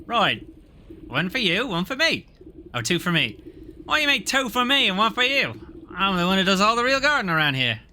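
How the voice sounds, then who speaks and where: A man voicing a pair of greedy, quarrelsome male camp guards in a rough, raised voice. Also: sits high, very animated, moderate pace, sharp tone, a little hiss or hum, voice pushed up, full character voice. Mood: bickering.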